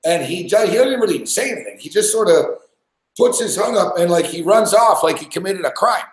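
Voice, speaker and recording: A young podcast host from Montreal, Canada, with a high-pitched, expressive voice, talks a little fast as he tells a casual, rambling story. It's profane and packed with "like" and laughter, recorded in an echoey room.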